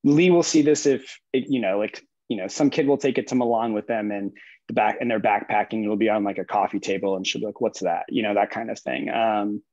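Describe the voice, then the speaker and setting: A man's voice: on the low side, darkish tone, no echo. Candid man on a dull, dry line. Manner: candid, halting, self-deprecating. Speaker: podcast co-host. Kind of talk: casual conversation.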